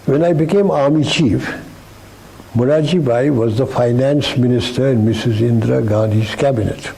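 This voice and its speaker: A man's voice: medium pitch, normal speed, creaky, dark tone, low-quality recording. An older man with an Indian English accent telling witty, dry anecdotes from his army career in an interview, acting out the people in his stories.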